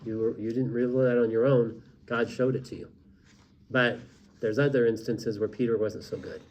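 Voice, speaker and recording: A man's voice: medium pitch, fairly even intonation, moderate pace, a little mellow, dull audio, slight background noise. A man co-hosting a casual faith discussion, talking in loose rambling sentences with frequent restarts. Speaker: co-host.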